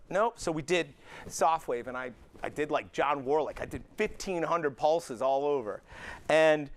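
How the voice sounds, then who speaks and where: A middle-aged man, a chiropractor giving an anecdote-filled talk to peers at an event, acting out dialogue as he goes. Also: a little high. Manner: animated storyteller acting out dialogue.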